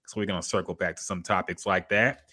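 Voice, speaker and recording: A man's voice: sits low, steady tone, quick pace, sharp tone. A man co-hosting a podcast, chatting casually in a laid-back, slangy, profane way. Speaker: podcast co-host.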